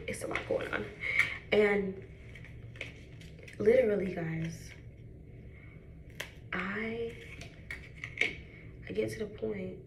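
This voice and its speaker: A woman, chatting to viewers while doing her makeup, animated and talkative. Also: mid-range voice, takes it slowly, long pauses. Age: 20s. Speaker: beauty vlogger. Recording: echoey room with background noise.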